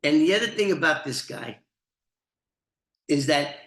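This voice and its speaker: A man's voice: fairly high pitch, animated, unhurried, a bit bright. Profane older man telling a story. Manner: profane, rambling, laughs often. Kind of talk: casual storytelling. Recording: roomy echo.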